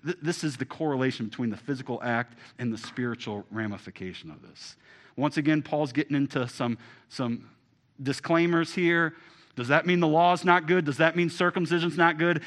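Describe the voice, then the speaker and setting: A man preaching a sermon, emphatic and asking his listeners direct questions, swinging from loud to hushed. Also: a little high. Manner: asks the congregation direct questions. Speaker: pastor.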